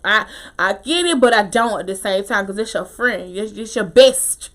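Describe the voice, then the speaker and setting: A woman casually recapping a TV episode, opinionated and animated, with slangy talk and frequent laughter. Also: medium pitch, moderate pace. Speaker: TV show recap host.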